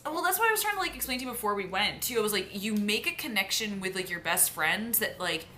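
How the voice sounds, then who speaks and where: A young woman talks to the camera in a loose, gushing way, full of "like" fillers. Her voice is bright and forward, sitting at a middle pitch for a woman. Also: lively intonation, quick pace, a little hiss or hum. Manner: gushing, heavy use of "like". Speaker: vlogger. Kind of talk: casual chat.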